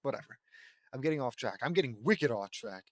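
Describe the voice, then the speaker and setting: A man's voice: mid-range voice, animated, fairly quick, no room sound, clean studio sound. A man reading a fan fiction story aloud and breaking off into sarcastic, mocking commentary about it. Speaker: audiobook reader and commentator.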